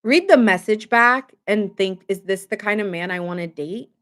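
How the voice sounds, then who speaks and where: Talking at normal speed in a mid-range, slightly bright voice, a young adult tarot reader does a casual reading to camera. She's emphatic and openly indignant, filling her speech with plenty of filler words.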